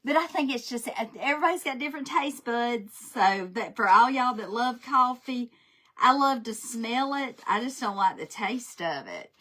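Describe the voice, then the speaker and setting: A woman's voice: a little high, animated, normal speed, sharp tone. A woman, chatting and telling stories while crafting live, laughing often. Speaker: craft livestream host. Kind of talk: casual chat while crafting.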